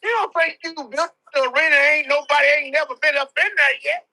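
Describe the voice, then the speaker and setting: A man's voice: very high voice, a little fast, sharp tone, poor audio. A man talking as a guest in a casual live-stream chat, slangy and profane, repeating his phrases.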